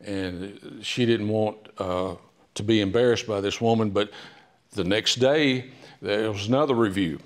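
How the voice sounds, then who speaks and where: A man giving an author talk in a library, telling history stories in a chatty, humorous way with many pauses and "uh"s. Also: fairly low pitch. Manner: chatty, humorous, with frequent "uh" fillers. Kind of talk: casual storytelling talk. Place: public library meeting room.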